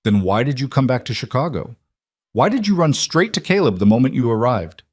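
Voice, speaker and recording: A man playing a calm, menacing mob boss with a Russian accent, recorded dry and close. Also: mid-range voice, brisk, no room sound, voice pushed up.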